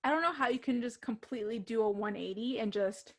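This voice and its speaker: Young female co-host, casual and giggly sports chatter, a touch high. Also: fast. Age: young adult. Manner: chatty, laughs often.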